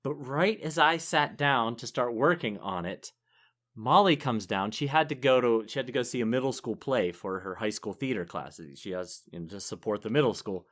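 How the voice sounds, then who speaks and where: Male podcast co-host in his forties, lively pitch, chatty and quick to laugh. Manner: chatty, laughs easily, rambling asides. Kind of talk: casual chat.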